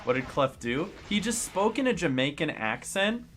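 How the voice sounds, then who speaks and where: A man's voice: a little high, sing-song, moderate pace, a bit bright, soft background music. A young man giving casual, rambling commentary while he plays, opinionated but shrugging, with many fillers and restarts. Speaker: gaming streamer.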